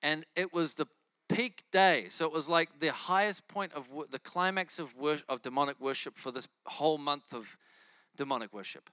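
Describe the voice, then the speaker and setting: A male preacher tells a testimony in a lively, storytelling manner, acting out his own inner thoughts. His voice sits a little high and sounds bright and forceful. The recording is dry and close. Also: normal speed, no echo.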